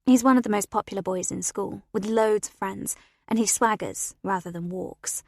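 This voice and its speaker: A woman narrating a first-person story as an audiobook reader, expressive and animated, on a close studio mic. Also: mid-range voice, moderate pace, gravelly, dry recording.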